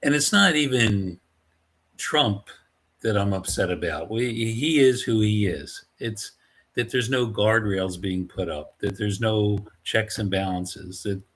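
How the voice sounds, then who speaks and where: A man co-hosting a live political chat show, speaking in a measured, halting way with frequent restarts. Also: on the low side, a bit bright. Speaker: co-host.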